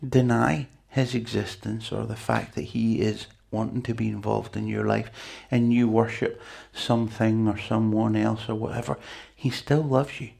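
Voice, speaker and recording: Guy preaching, gravelly husky voice, chatty asides to the crowd. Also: fairly low pitch, level tone, normal speed, few pauses, darkish tone. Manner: conversational, chatty with asides to the congregation. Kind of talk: sermon.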